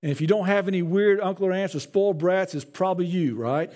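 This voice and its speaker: A man's voice: high voice, quick pace, darkish tone. A man, a pastor, preaching a sermon in a conversational way, often repeating his words.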